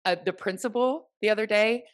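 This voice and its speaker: Forties woman podcast host, animated storyteller, laughs a lot. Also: mid-range voice, fairly quick, smooth. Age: 40s. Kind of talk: podcast interview.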